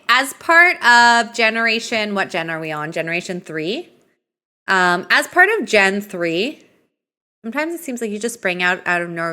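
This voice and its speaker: Woman streamer, chatty live game commentary, reads options aloud, tired, bright sharp tone. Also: mid-range voice.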